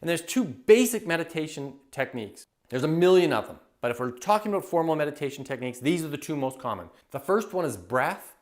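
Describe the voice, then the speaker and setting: A man working as a happiness coach, giving an enthusiastic, animated teaching talk to camera and acting out everyday scenes. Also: on the high side, a little fast, few pauses. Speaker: happiness coach and public speaker.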